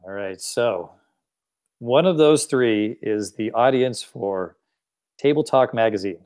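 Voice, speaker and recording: A man's voice: medium pitch, slow pace, a little mellow, smooth. A man hosting a quiz game, teasing and laughing often as he reads the questions. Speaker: host running a quiz game.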